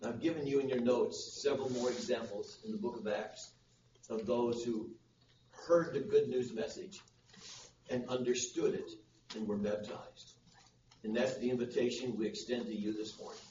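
A man's voice: mid-range voice, steady tone, normal speed, mellow. A man preaching a sermon at a church service, driving home numbered points with rising emphasis. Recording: roomy, distant, dull with faint noise.

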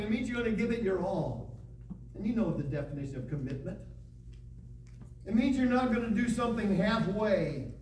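A man with a high, ringing voice preaches a sermon. He reads scripture and drives his points home with emphatic, repeated calls. He is heard from some distance in an echoey room. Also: darkish tone, slight background noise. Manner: preaching with rising emphatic repetition, reading scripture aloud. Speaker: pastor.

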